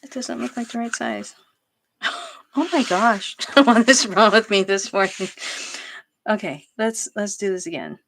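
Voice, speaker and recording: A woman's voice: medium pitch, measured pace, pauses often, fairly bright tone, slight background noise. A middle-aged woman hosting a craft video, chatting casually and laughing at herself while she works at home. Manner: chatty and self-deprecating, laughs often. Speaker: craft channel host.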